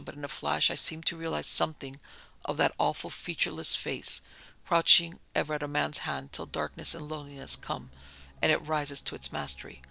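A man narrates a gothic tale in a measured, somber voice. His tone is deeply gravelly and sharp, pitched a little high. He keeps an even, flat delivery throughout. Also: poor audio. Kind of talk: audiobook narration of a gothic story.

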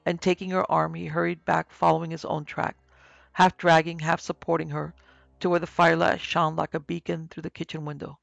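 A man narrating a horror story in a steady, even reading pace. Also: on the high side, a little fast, gravelly, dry recording.

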